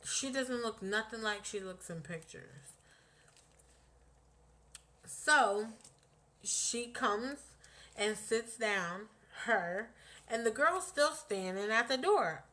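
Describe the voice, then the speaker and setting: A woman's voice: fairly high pitch, slow pace, pauses often. A young woman casually telling a personal story on her vlog, blunt and profane, acting out what people said. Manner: animated, blunt, profanity-laced retelling with acted-out quotes.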